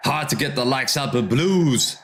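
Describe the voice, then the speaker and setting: A man hosting a football watchalong stream, reading viewer comments aloud and reacting to the match in a relaxed, slangy way. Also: medium pitch, moderate pace, slight background noise. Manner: reads viewer comments aloud and answers them, calls out match action, slangy "bro". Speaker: livestream host reading chat during a football watchalong. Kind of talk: casual live commentary and chat reading.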